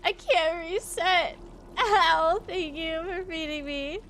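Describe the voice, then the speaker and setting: A woman streamer giving excited gameplay commentary, giggling and squealing as she gushes over how cute everything is. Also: extremely high pitch, slow, faint music behind. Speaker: video game streamer.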